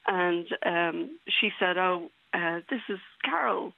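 A woman writer telling a lively anecdote in a radio interview, acting out the dialogue. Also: lowish voice, takes it slowly, gravelly, no echo. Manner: lively storyteller, acts out the dialogue. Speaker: guest writer. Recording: tinny phone-like line.

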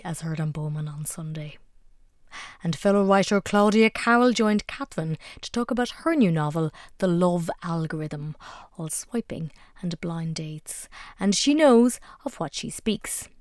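Woman presenting radio links in a hush. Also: lowish voice, animated, a little slow, no echo, studio quality. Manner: playful, hushed near-whispered asides.

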